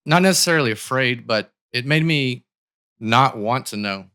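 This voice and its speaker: A man's voice: mid-range voice, expressive, normal speed, sharp tone. A man as a podcast guest, telling a long personal story in casual conversation, with many likes and restarts.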